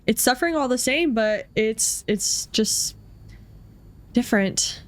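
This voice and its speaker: A woman's voice: on the high side, animated, takes it slowly. A young woman commenting on a game as she plays, rambling and emotional, with many fillers. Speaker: gaming streamer. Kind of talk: let's play commentary.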